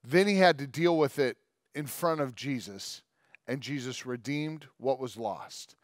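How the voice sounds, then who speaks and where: A male pastor giving a sermon in a conversational, joking way, with quick asides and long scripture readings. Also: mid-range voice, dry recording, studio quality. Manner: reads scripture aloud at length.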